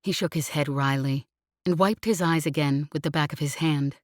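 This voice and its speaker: Woman audiobook narrator, low voice, measured, dry close studio sound. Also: no room sound. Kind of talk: scripted narration.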